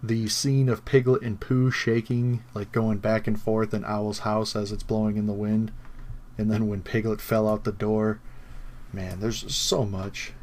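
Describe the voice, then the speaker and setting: Low-voiced man, laughing podcast chat. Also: little pitch movement, a little slow, a little mellow. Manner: laughing, enthusiastic recounting of scenes. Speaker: podcast co-host. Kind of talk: casual chat.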